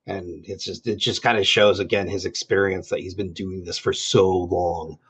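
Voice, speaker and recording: Husky man on a muffled podcast mic. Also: sits low, a bit bright. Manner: halting, fills with ums and restarts. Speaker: podcast co-host. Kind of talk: casual chat about an anime.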